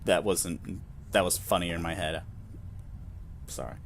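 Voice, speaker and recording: A man's voice: deep voice, fairly even intonation, a little slow, slight background noise. A man narrating a solo tabletop game in a self-amused, chatty way, dropping jokey asides.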